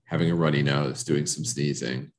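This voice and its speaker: A deep-voiced man talks into a studio microphone on his own podcast. He rambles in self-mocking, repetitive riffs, his voice a little stuffy and froggy from allergies. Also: fairly even intonation, moderate pace. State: congested from allergies, a bit froggy. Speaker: podcast host. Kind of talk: casual solo podcast chat.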